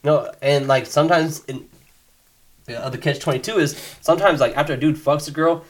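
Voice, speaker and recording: A man's voice: a little high, brisk. A young man co-hosting a casual podcast, laid-back and candid, swearing freely and laughing often. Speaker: podcast co-host.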